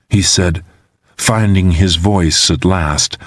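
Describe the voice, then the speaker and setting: A man's voice: deep voice, slow, fairly bright tone, slightly rough, no room sound. A man narrating a thriller audiobook in a dramatic, tense storytelling manner. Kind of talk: scripted narration.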